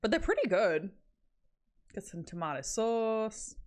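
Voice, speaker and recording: A woman's voice: mid-range voice, sing-song, measured pace, a little mellow. A young Australian woman streaming live, chatting casually in a rambling, giggly way with lots of "like". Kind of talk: casual chat.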